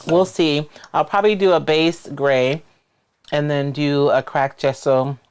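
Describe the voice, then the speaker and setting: A man's voice: fairly high pitch, fairly even intonation, a little slow, a little hiss or hum. A man hosting a casual crafting livestream, explaining his plans as he works and thinking aloud. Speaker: crafter and host.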